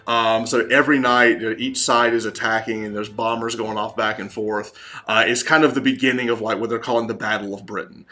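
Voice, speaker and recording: A man's voice: on the low side, flat delivery, fairly quick, sharp tone. A man with a Southern accent, narrating as game master with a rambling manner full of fillers and restarts.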